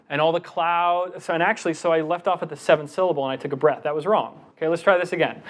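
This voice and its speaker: A middle-aged man presenting a lecture on giving talks, animated, reciting verse with deliberate breaths. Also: on the high side.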